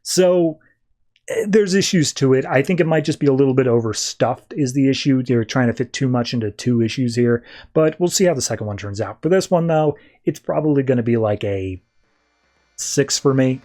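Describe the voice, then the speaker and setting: A podcast host with a medium-pitched, slightly mellow voice recaps and reviews a story at a normal pace. His retelling is loose and rambling, packed with fillers and frequent "like."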